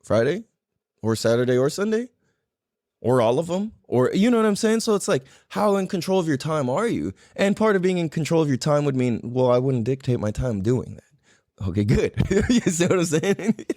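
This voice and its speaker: Animated, swearing young male podcast host. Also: moderate pace, no echo, clean studio sound. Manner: animated storytelling, heavy swearing, voice jumps high when quoting himself. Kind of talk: casual chat.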